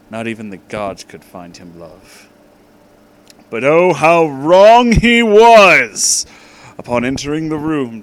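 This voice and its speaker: A man's voice: mid-range voice, poor audio. A man reading a fanfic aloud for comedy, reacting with disbelief. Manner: incredulous, breaking into laughter between lines. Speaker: reader.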